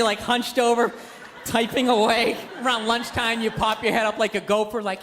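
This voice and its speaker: A man's voice: extremely high pitch, flat delivery, normal speed. A man doing a stand-up comedy set, ranting sarcastically and acting out characters in asides. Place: live comedy venue with audience. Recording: noisy live club recording.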